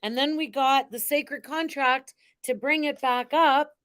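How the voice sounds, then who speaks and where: A woman's voice: high-pitched, steady tone, unhurried, fairly bright tone. A woman hosting a live spiritual card reading, talking in an exuberant, theatrical way with chanting and cheering.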